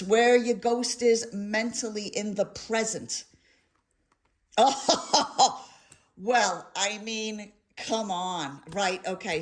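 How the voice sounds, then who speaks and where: A middle-aged woman with a New York accent giving a casual tarot reading, animated and rambling, swearing and breaking into asides. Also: mid-range voice. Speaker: tarot reader.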